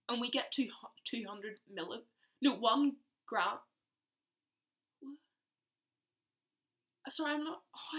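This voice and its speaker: A woman's voice: on the high side, a bit bright. A young woman telling a personal story in a rambling, chatty way, often interrupting herself. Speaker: vlogger.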